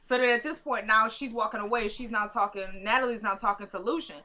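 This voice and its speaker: A woman's voice: fairly high pitch, steady tone, fast talker, sharp tone. A woman in a casual vlog, chatting to her viewers in slangy style as she retells a TV episode and acts out the characters' lines. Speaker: vlogger recapping a TV episode. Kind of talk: casual recap chat. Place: at home.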